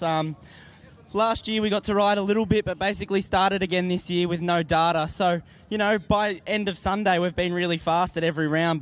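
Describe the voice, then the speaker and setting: A man with an Australian accent, a motorbike racer talking modestly after a win and thanking his team. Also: high-pitched. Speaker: race winner, rider. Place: outdoor motorsport circuit.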